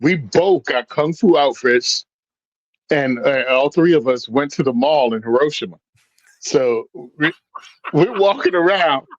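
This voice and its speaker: A man's voice: on the high side, unhurried, no room sound, muffled recording. A man telling stories in casual chat as a podcast guest, acting out the voices of the people he quotes. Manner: animated storyteller, acts out quoted voices.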